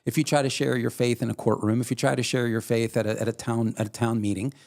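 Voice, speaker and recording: A man's voice: medium pitch, flat delivery, creaky, a little mellow. A man co-hosting a podcast, arguing in a heated casual debate with an emphatic, insistent manner. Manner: fast, emphatic, rising to indignant outbursts. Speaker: podcast co-host.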